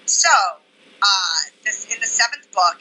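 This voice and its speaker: A woman guest on a podcast, chatting casually and telling stories in an animated way with lots of filler likes. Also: mid-range voice, a little slow, low-quality recording. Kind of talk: casual chat.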